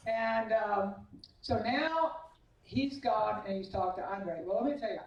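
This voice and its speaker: A woman giving a banquet acceptance speech, telling animated, self-deprecating anecdotes as a tennis coach. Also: mid-range voice, slow, muffled recording. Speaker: hall of fame inductee, tennis coach. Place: large banquet hall. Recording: echoey hall, voice far from the mic.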